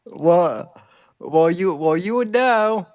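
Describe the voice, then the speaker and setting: Male podcast host, dry teasing tone, halting restarts, slow delivery, slightly high voice. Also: lively intonation, a little mellow. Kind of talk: casual podcast banter.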